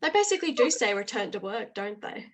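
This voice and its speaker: A woman's voice: mid-range voice, sing-song, fast talker, over a noisy crowd. A woman joining a podcast chat, casual and playful with wry asides. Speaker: podcast guest.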